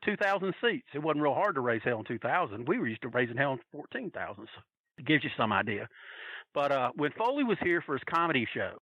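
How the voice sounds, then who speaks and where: A man from North Carolina casually telling a story as a podcast guest, animatedly acting out quotes in a higher voice. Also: pushed and bright, no echo, highs cut off. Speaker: podcast guest, wrestling fan.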